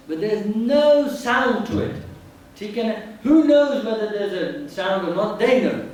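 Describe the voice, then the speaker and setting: A man teaches a prayer class in a mosque, drilling pronunciation and often asking the class if it is clear. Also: sits high, darkish tone. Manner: drills pronunciation, asks the class to check understanding. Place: mosque hall. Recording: echoey hall, mic at a distance.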